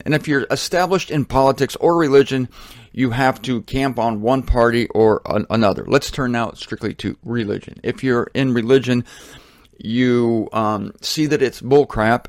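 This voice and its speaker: A middle-aged American man speaks about faith in a blunt, fervent monologue, with a plain middle pitch. He pushes up into emphatic bursts when he makes a point. The recording is dry and close, with no room sound. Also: no room sound. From Ohio, United States. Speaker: Christian teacher.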